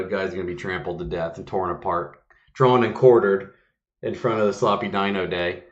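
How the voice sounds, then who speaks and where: Man, podcast host, casual storytelling, animated quotes, lower voice, echoey room. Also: fairly quick. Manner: animated, acts out quotes with swearing. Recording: roomy, dull lo-fi sound.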